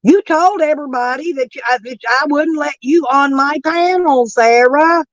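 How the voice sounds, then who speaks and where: Her voice is high and her pace moderate as this crude, brassy streamer reads chat and argues back in a casual rant. Allergies have left it lowered and scratchy. The recording has no echo, though the highs are cut off.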